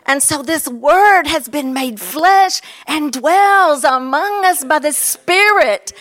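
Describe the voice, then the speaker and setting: A woman in her fifties from Kentucky with a Kentucky accent, preaching a fervent sermon with exclamations and drawn-out words. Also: high voice, expressive, fairly bright tone.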